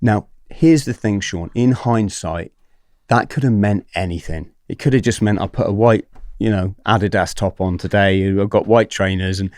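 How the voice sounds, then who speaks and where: A man's voice: fairly low pitch, normal speed, darkish tone, dry recording, clean studio sound. A man in his forties telling a story as a podcast guest, acting out what other people said, swearing and laughing often.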